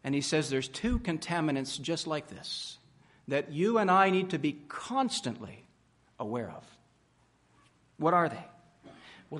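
A man preaching a sermon at a conference, building up emphatically with slowed, stressed words and rhetorical questions. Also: on the high side, a bit bright. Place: conference hall.

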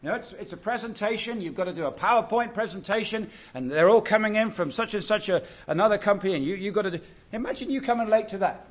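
A man preaching a sermon, earnest and exhortative, drawing out key words slowly. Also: sits high, lively intonation. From England.

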